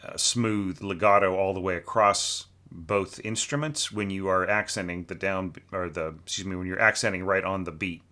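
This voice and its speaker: With a deep, steady, sharp-toned voice, an orchestration teacher reviews a student's score at normal speed, barely pausing. The critique is casual, full of fillers and tag questions, and he hums and scats lines to show how they should be phrased.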